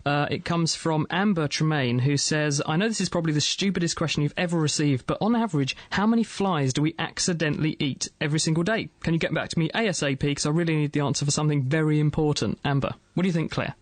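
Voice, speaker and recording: A man with an English accent hosting a live radio science show, chatting briskly and reading out listener emails. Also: a little high, no echo.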